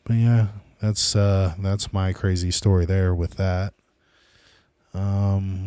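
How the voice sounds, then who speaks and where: A man's voice: sits low, level tone, unhurried, warm tone, clean tone, dry recording. A man hosting his own podcast, rambling loosely and casually in a solo monologue. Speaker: podcast host.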